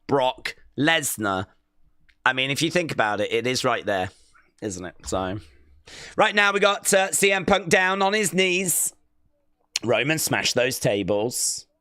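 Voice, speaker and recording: A man hosting a live watch-along stream, reacting excitedly and repeating himself, shouting out counts and big moves. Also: mid-range voice, measured pace, dry recording, clean studio sound.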